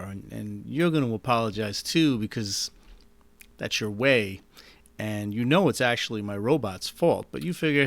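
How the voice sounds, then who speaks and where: Brief: man reading his own story into a mic, deadpan, darkly comic, dry sound. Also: mid-range voice, normal speed, gravelly, dry recording. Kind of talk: reading a short story aloud. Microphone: microphone.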